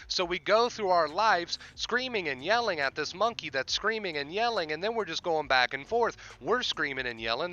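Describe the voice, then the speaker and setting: A man's voice: on the high side, pushed and bright, highs cut off. A man hosting a livestream, explaining with repetition and emphasis in casual talk. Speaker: livestream host and life coach.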